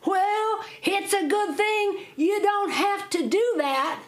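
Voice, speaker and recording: A woman's voice: mid-range voice, expressive, normal speed, close to an everyday voice. A woman voicing Jack, a plucky young farmhand hero, with a blunt, threatening drawl. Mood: plain.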